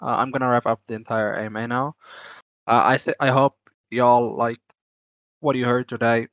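A man with a German accent hosting a casual online Q&A, speaking haltingly with many restarts and self-corrections. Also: medium pitch, flat delivery, a bit bright, no echo, highs cut off. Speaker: AMA host.

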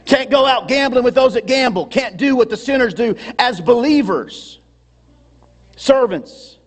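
Male pastor, very high voice, preaching in a church with long reverb, calls for congregation responses. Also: expressive, measured pace. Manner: preaching with congregation call-and-response, rising to shouts. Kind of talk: sermon. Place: church sanctuary.

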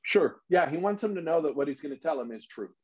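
A man's voice: a little high, lively intonation, fast, a little mellow, husky. A man leading a casual Bible study, talking emphatically and thinking aloud as he explains. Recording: slightly dull lo-fi recording.

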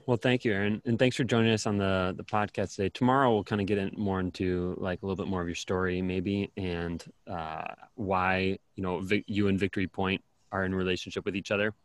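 Laid-back man hosting a podcast, low voice. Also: fairly quick, hardly any pauses, no room sound, clean studio sound. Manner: relaxed, rambling with fillers. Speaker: podcast host. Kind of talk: casual faith podcast chat. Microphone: video call.

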